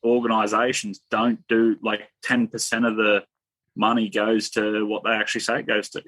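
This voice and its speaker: A man's voice: lowish voice, flat delivery, moderate pace, fairly bright tone, dry recording, poor audio. A man talking bluntly and with strong opinions in a casual podcast chat, filling his talk with "and that". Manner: blunt, opinionated, drawling fillers. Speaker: podcast guest.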